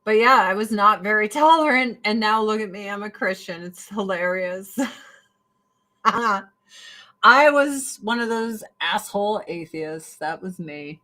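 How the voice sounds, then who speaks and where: Bright-voiced, blunt, swearing woman. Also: medium pitch, takes it slowly. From United States. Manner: blunt, profane, jumping between topics. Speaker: livestream host. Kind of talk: casual rant to viewers.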